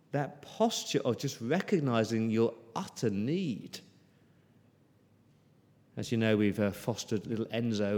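A man preaching an earnest sermon, often repeating words and dropping into soft, pleading passages. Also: mid-range voice. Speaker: pastor. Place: church hall. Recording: long church reverb.

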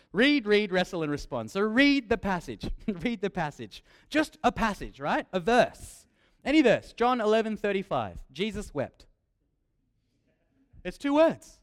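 Young aussie guy preaching, high voice, jokey asides, repeats himself. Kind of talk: sermon.

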